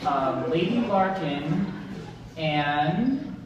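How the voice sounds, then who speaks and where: A young man on a school stage playing a chatty court jester who talks haltingly and guesses aloud, recorded in an echoey hall. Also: on the high side, expressive, muffled recording, crowd noise. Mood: puzzled. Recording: echoey hall with audible noise, from far off.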